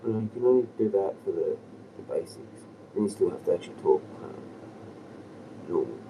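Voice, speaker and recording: Low-voiced man rambling on a live stream. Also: expressive, fairly quick. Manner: loose and chuckling, often dropping to a whisper. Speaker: livestreamer. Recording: distant mic with clear outdoor noise.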